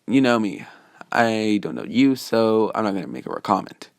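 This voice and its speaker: Brief: a young hero with a bad name, polite on the surface, read by a man in his own low voice. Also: expressive, moderate pace, creaky, no room sound, clean studio sound. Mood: mock polite. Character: young male hero with a villain reputation, calm and sarcastic.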